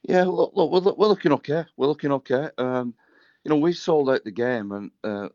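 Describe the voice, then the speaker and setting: A man's voice: mid-range voice, brisk, lo-fi sound, a little hiss or hum. A man with a northern English accent, a rugby club general manager, chatting casually and modestly from his office. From England. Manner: laid-back, self-deprecating, says mate. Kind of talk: casual radio chat by phone.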